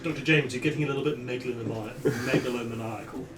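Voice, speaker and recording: A man of middle pitch tosses out wry quips while playing a tabletop game. He sounds set back from the mic, and the room echoes around him. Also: fairly even intonation, fast, heavy background noise. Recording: roomy, distant mic.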